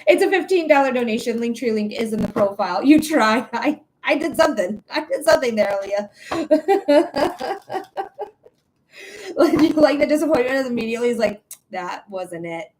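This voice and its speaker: A woman's voice: high-pitched, expressive, moderate pace, darkish tone, low-quality recording. A woman psychic reader hosting a live stream, chatting casually and welcoming viewers by name over and over. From United States.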